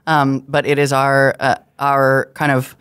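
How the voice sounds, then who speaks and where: A woman guest on a tech news roundtable, talking quickly in long explanatory runs with plenty of asides. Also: extremely low pitch, smooth. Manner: fast, animated explainer with asides. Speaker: guest commentator. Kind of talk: casual roundtable chat.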